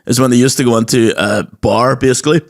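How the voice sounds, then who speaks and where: A young man, co-hosting a casual comedy chat, joking and slipping into mocking voices. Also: a little fast. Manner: animated, jokey, does high mocking voices in anecdotes. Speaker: podcast co-host.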